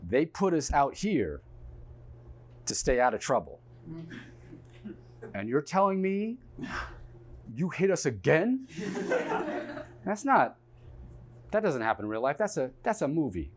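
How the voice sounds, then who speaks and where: Guy doing a mean threatening cop, loud and sneery, voice jumps all over. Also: a little high, very animated, a little slow, pauses often. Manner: loud, sneering, menacing questions. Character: menacing male street cop, threatening.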